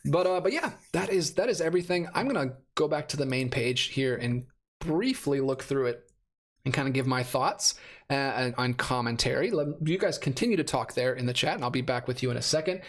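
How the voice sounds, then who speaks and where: Medium-pitched, expressive, and brisk, this thirtysomething man hosts a relaxed movie-release live stream. He reads out chat comments, wandering off track and fixing his own words, laughing a lot. His voice sounds somewhat worn, as he's losing it.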